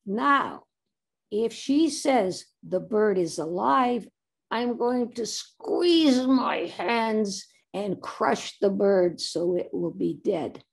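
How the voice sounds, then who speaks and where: A woman voicing a boastful teenage boy in a told story, with a gravelly, husky voice. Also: mid-range voice, extremely slow, heavily acted. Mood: scheming. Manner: boastful, plotting. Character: scheming smart-aleck teenage boy.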